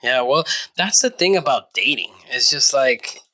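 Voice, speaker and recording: A man's voice: medium pitch, animated, unhurried, bright, forceful tone. A laid-back man hosting a casual podcast chat, using slang like "dope" and "dude". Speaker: podcast host.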